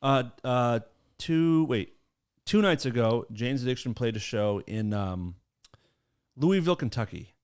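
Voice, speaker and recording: A young man hosts a podcast chat, his pitch swinging widely as he tells a story. He laughs through it and slips into the voices of the people he quotes. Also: measured pace, clean tone. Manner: animated, laughs mid-story, acts out quotes. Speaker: podcast host.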